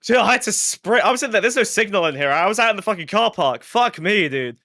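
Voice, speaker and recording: A man co-hosting a comedy podcast, excitable and sweary, stumbling over repeated restarts. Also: high-pitched, fast, no echo. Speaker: podcast co-host. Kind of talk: crude comedic banter.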